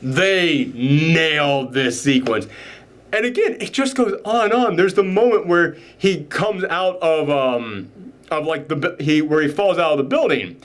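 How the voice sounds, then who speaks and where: A man casually recapping a film scene by scene, rambling with enthusiasm and acting out bits in quick voices. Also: on the high side, animated. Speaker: podcast host. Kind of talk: casual movie reaction chat.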